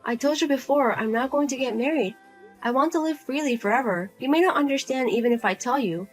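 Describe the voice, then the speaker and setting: A woman playing a fed-up grown daughter who speaks flatly and firmly to her pushy mother in a narrated drama. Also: high voice, fairly quick, soft background music, natural voice. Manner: flat, firm, cold and blunt. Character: Lizzie, grown daughter, cool, blunt, fed up.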